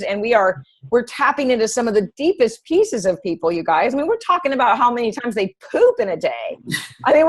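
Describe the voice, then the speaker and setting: A middle-aged woman training health coaches in a casual call, chatty and animated, telling anecdotes. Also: a little high, poor audio.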